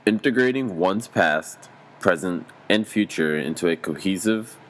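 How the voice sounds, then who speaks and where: A man with a deep, low-pitched voice reads scripted narration in a measured, explanatory way. Faint noise sits under his voice. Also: animated.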